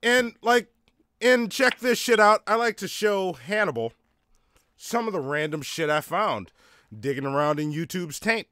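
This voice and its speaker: A man's voice: high-pitched, lively intonation, a little slow, sharp tone, no echo. A man hosting a casual podcast, talking loosely and with lots of swearing as he steers the show along. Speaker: podcast host.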